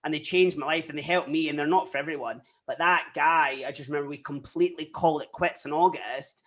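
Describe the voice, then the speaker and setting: A young Scottish guest talking quickly and candidly in a relaxed interview. The voice sits a little high for a man, and the stories rush along, full of quoted asides and lively retellings. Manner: candid, animated storytelling with frequent quoted asides. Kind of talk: casual interview chat.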